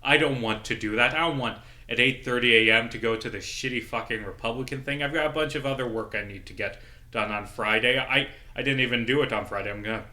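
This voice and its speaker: A man's voice: mid-range voice, pushed and bright. A man in his mid-twenties, a local journalist, angrily and profanely ranting in a casual vlog.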